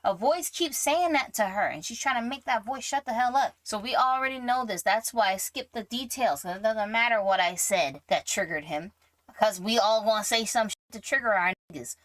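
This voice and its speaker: A woman's voice: on the high side, fairly quick, fairly bright tone, no room sound. A woman commentator and author giving blunt, emphatic opinions, full of swearing and lecturing. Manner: profane, emphatic, preachy.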